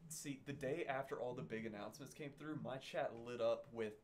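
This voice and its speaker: Animated man chatting about games. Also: mid-range voice, fairly quick, a little hiss or hum. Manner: animated, rambling storyteller. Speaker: podcast guest, streamer. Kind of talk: casual podcast chat.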